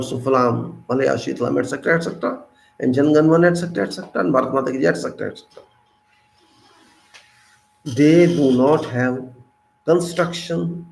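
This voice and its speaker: A man in his fifties with an Indian English accent, giving an impassioned monologue full of rhetorical questions, swinging between loud and soft. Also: mid-range voice, vocal fry, echoey room, poor audio. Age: 50s. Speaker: civic commentator.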